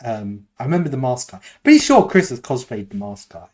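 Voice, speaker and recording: A man's voice: mid-range voice, huge pitch swings, a little fast, a little mellow. Rambling self-deprecating British man. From United Kingdom. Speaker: podcast co-host. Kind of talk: casual chat.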